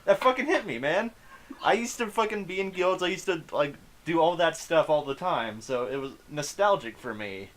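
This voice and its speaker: A man's voice: fairly high pitch, lively intonation, moderate pace, a bit bright. A man in casual podcast chat, talking bluntly and profanely. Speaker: podcast guest.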